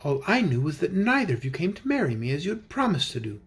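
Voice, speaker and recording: A man's voice: a little high, big pitch swings, fast talker, husky, exaggerated voice. A man voicing a young woman who speaks in a cool, politely amused way.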